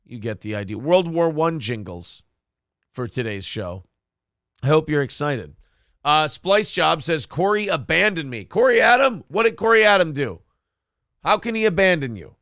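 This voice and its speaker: A man runs a casual live-stream morning show, joking and rambling as he reads viewer comments aloud. His voice sits a little high and comes through smooth and resonant. The sound is dry and close, with no room echo. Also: very animated, normal speed, a bit bright. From Minnesota. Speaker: show host.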